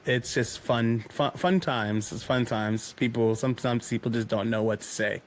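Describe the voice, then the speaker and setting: A young man guesting on a podcast tells jokey stories in a casual chat, animated and laughing often. He speaks at a normal speed in a mid-range voice, with a little hiss or hum in the background.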